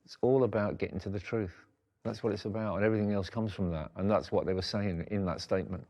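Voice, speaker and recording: Reflective low-voiced man. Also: steady tone, quick pace, darkish tone. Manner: reflective, searching for words. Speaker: artist, documentary contributor.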